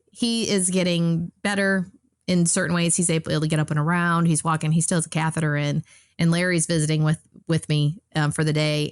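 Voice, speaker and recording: A woman with a notably low voice recounts a personal story in a loose, conversational way, stopping and restarting her sentences and filling gaps with ums and you-knows. The sound is close and dry, with no room echo. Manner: rambling, retells dialogue, many fillers and restarts. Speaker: podcast guest.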